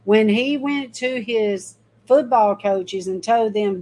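A woman's voice: on the high side, slow, dark tone, rough recording. Folksy woman, emphatic storyteller. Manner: folksy, emphatic, addresses viewers directly. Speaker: mother giving a faith testimony. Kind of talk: casual storytelling testimony.

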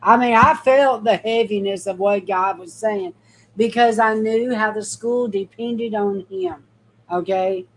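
In poor audio with slight background noise, a middle-aged woman speaks in an unhurried, mid-range voice. She is a mother telling her faith story casually to her viewers, folksy and emphatic, as a personal testimony.

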